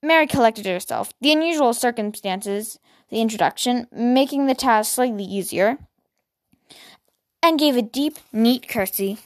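A woman's voice: a little high, expressive, measured pace. A woman hosting a podcast, reading a novel aloud and then chatting about it casually, with fillers and restarts. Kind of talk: storybook reading with casual chat.

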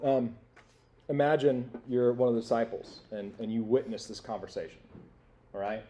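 In a warm, mid-range voice with little pitch movement and normal speed, a young man serves as a campus minister delivering a sermon to students. His style is conversational and interactive, full of questions to the audience and frequent "like" and "right?"

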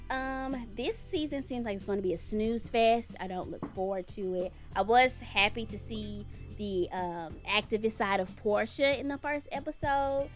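A woman's voice: a little high, moderate pace, soft background music. A woman co-hosting a casual talk show, giving outspoken, opinionated commentary with blunt language. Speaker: podcast co-host.

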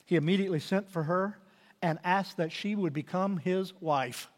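A man preaching a sermon as pastor, building to loud emphatic peaks and dropping to quiet asides. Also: high-pitched, moderate pace. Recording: reverberant hall.

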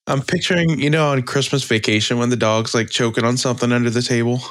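A man's voice: medium pitch, steady tone, fast, slight background noise. A man co-hosting a podcast, chatting in an easygoing way. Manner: easygoing, laughs readily. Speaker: podcast co-host. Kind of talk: casual chat.

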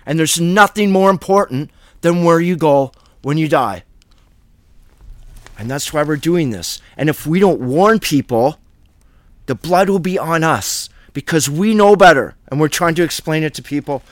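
A man's voice: a little high, lively intonation, normal speed, dry recording. A man hosting a Bible study, preaching in a blunt, fiery, plain-spoken way.

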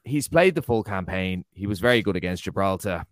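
A man's voice: low-pitched, animated, fairly quick, no echo, clean studio sound. Argumentative Irish man in football chat. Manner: argumentative, rhetorical questions. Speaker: podcast co-host.

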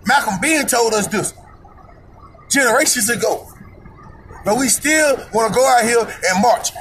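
Heated profane man with high voice. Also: a little slow, a bit bright, a little hiss or hum, low-quality recording. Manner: profane, heated, emphatic repetition; preachy, rhetorical questions. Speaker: podcast host. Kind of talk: personal opinion monologue.

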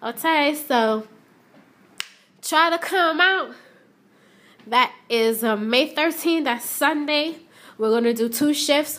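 A young adult woman with a voice pitched a little high chats casually on her own podcast. She talks straight to her listeners and repeats herself for effect, recorded in her shop as she steps in and out. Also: a bit bright. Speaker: podcast host. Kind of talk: casual solo podcast chat. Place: shop, stepping in and out of doors.

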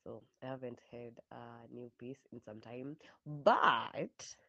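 A woman's voice: a bass voice, fairly even intonation, takes it slowly, sharp tone, no room sound. Kenyan woman host, chatty and playful. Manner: chatty, mixing English and Swahili slang, laughing often. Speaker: podcast host. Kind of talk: casual podcast chat. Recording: dull lo-fi dry sound.

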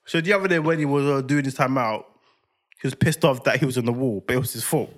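A man in his thirties, a podcast co-host, casually telling a slangy, animated story about his son. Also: mid-range voice, fast. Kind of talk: casual chat.

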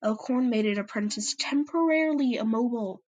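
A woman's voice: on the high side, fairly quick, darkish tone, dull audio, natural voice. A woman voicing a defiant cat leader. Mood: accusing. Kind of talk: amateur storytelling podcast.

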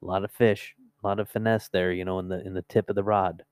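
Low-voiced joking podcast co-host man. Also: little pitch movement, fast talker, a little mellow, clear, resonant tone, dry recording. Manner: joking, folksy storyteller. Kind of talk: casual chat. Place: podcast studio.

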